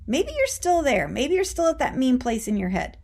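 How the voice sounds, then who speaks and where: Emphatic woman life coach, higher voice. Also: huge pitch swings, normal speed, creaky, darkish tone. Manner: emphatic, conversational, addresses listeners as warriors; casual with mild swearing and frequent "okay?". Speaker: life coach and show host. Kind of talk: motivational talk to listeners.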